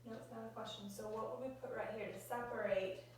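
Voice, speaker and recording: A woman's voice: fairly high pitch, fairly even intonation, quick pace, a little mellow, slight background noise. A woman teaching a grammar lesson in a classroom, explaining patiently step by step and asking questions. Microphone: phone recording from across the room. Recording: echoey room, distant phone mic.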